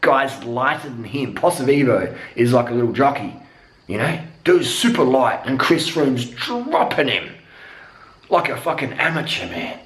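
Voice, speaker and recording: A man's voice: mid-range voice, measured pace. A man rants about pro cycling in a casual vlog. He talks bluntly and swears all the time. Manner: profane, blunt, excitable. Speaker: cycling vlogger. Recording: echoey room.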